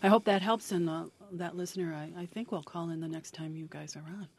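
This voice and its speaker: A woman's voice: on the low side, steady tone, brisk, crowd noise. A woman hosting a radio talk show, introducing guests in a friendly, plain way. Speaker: radio host.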